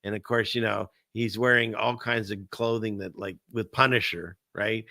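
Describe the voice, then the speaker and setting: A man hosts a casual commentary stream in a gravelly, bright-edged voice, rambling from point to point with sarcasm. His sound is dry and close, with no room around it. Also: fairly low pitch, fairly even intonation, moderate pace, no echo. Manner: rambling, sarcastic, laughs between remarks. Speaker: host of a political commentary stream.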